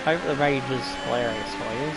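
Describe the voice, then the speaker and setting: A man's voice: medium pitch, brisk, over loud music, low-quality recording. A man with an Australian accent commentating his own racing game play, swearing and bursting out at rivals. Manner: excitable, swearing, laughing outbursts. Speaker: gaming YouTuber.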